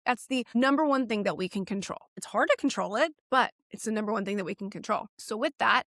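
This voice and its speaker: A woman's voice: medium pitch, a bit bright, no echo, studio quality. A woman in her thirties, a fitness coach host, talking straight to camera in a blunt, sassy way and swearing casually. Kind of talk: direct-to-camera coaching talk.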